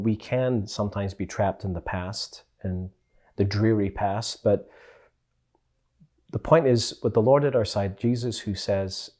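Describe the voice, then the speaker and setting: A man's voice: lowish voice, dark tone. A man with a Scottish accent, a parish priest giving a casual, homely spoken reflection with playful asides. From Scotland.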